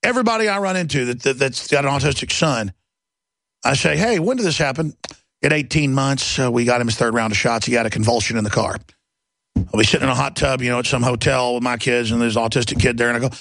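A man hosting a talk show, delivering a heated, mocking rant and mimicking others in shrill voices. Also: lively intonation, fast talker, creaky, a bit bright, dry recording.

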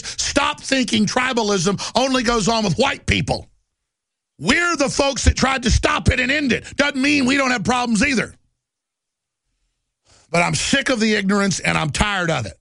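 A man's voice: high-pitched, gravelly, bright, forceful tone, no echo, clean studio sound. A man hosting a radio and TV talk show, delivering an agitated, emphatic political monologue. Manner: agitated, ranting, fast and emphatic.

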